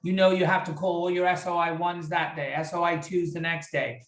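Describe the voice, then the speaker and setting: A man's voice: on the high side, level tone, brisk, fairly bright tone, roomy sound, low-quality recording. A British male real estate agent giving practical, plain-spoken advice with some stammers during a casual group video call.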